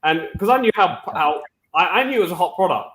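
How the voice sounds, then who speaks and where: A man's voice: high voice, expressive, fast talker, a bit bright, roomy sound. A man on a discussion panel, telling stories with animation and imitating other people's voices. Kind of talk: casual panel chat.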